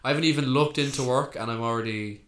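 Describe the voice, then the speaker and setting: A man's voice: mid-range voice, quick pace, a bit bright. A young man co-hosting a podcast, chatting casually, laughing and swearing freely. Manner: laid-back, swears freely, laughs often. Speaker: podcast co-host. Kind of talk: casual banter.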